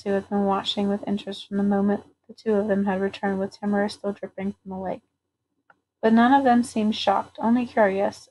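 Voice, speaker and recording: A woman narrating a novel aloud at a steady, even pace. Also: medium pitch, slight background noise, low-quality recording. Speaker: audiobook reader.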